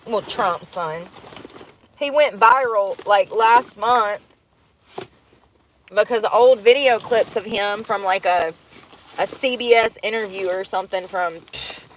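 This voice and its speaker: A woman's voice: medium pitch, a little hiss or hum, rough recording. A woman chatting bluntly on a livestream, laughing often and acting out quotes from a movie. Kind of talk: casual chat.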